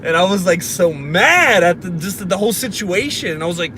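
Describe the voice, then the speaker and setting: A man's voice: high-pitched, expressive, fairly quick, hardly any pauses, bright, forceful tone, poor audio. A man in his thirties telling a story in a casual vlog from his car, dramatic and self-mocking. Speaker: vlogger. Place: inside a car. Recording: car and street noise.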